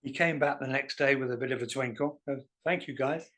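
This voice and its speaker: A man, a guest musician telling self-deprecating stories in a relaxed interview. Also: mid-range voice, fast talker. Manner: animated anecdotal, self-deprecating. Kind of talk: casual storytelling interview.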